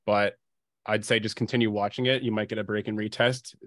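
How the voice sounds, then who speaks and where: Hesitant low-voiced man co-hosting. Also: flat delivery, fairly quick, no room sound, clean studio sound. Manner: hesitant, many fillers and restarts. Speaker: co-host. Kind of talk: casual trading commentary.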